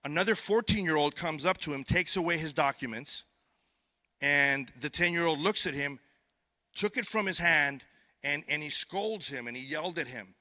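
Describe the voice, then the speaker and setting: Bright-voiced man giving a joking speech. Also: on the high side, normal speed. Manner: conversational and joking, repeats words when starting sentences. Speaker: border patrol agent speaking at a youth summit. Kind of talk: conference speech. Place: event stage before a live audience.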